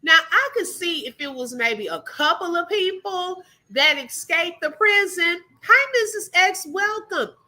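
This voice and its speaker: A bright, high-pitched woman hosts a live reaction stream. Her voice climbs and swoops as she chats casually with viewers and laughs often. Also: a little slow. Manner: animated, laughs often, calls viewers "baby" and "girl". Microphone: live-stream mic.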